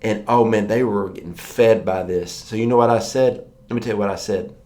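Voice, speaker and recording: Man preaching, middle-pitched, chatty storyteller who voices the people he quotes. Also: steady tone, fairly quick, mellow. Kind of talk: sermon.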